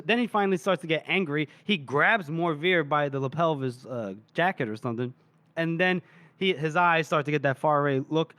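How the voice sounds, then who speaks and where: A man co-hosting a casual book podcast, retelling scenes in an animated way with frequent laughter. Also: sits high. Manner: animated storytelling, laughing often. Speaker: podcast co-host. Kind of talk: casual book-discussion chat.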